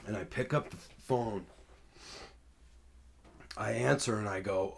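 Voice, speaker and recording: A man's voice: lowish voice, slow, creaky, pauses often, husky. A man casually telling a personal story as host, cursing freely and acting out both sides of the conversations. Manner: profane, emphatic, acts out both sides of conversations.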